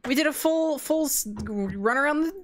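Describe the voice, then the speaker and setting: A woman hosting an online improv game, chatting casually with quick, giggly banter. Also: high voice, lively intonation. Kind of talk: casual chat.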